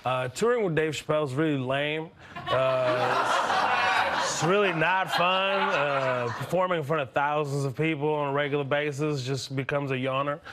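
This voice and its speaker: High-voiced joking male comedian. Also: moderate pace, heavy background noise. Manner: animated, joking, laughing often. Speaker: guest comedian. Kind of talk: talk show interview. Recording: live TV studio with audience. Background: studio audience laughter.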